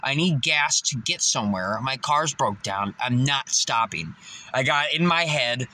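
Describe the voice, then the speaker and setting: Young guy telling a story, swears a lot, gets loud and worked up, really bright edgy voice. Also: medium pitch, unhurried, slight background noise. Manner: swears constantly, animated, gets loud and emphatic when recounting confrontations. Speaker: vlogger telling a personal story. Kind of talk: casual storytelling.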